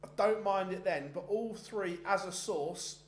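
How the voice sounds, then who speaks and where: A man's voice: sits high, unhurried. A man hosting a darts stream, chatting casually and rambling with frequent restarts between bits of live commentary. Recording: roomy echoey sound.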